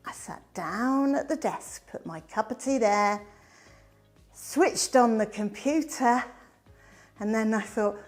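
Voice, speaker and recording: Slow, lively woman telling her story. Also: fairly high pitch, faint music behind. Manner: animated storyteller, swinging from bright emphasis to hushed asides. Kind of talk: personal storytelling presentation.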